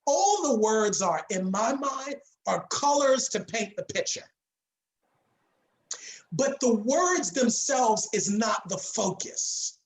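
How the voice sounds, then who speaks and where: A woman's voice: a little high, expressive, slow. A woman teaching a public speaking class, speaking with emphasis and repeating her key words for weight. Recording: roomy echo.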